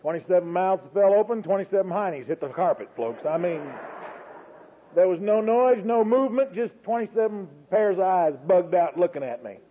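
A man's voice: sits high, lively intonation, moderate pace, slight background noise. A man telling a colloquial, dramatic church testimony, speaking straight to his audience, heard over a tinny phone-like broadcast. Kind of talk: folksy storytelling testimony.

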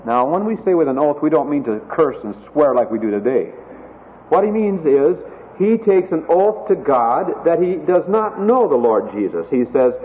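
A man preaching a sermon, dramatic, acting out quoted oaths slowly and forcefully. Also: on the high side, very animated. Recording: tinny phone-like sound, long hall reverb.

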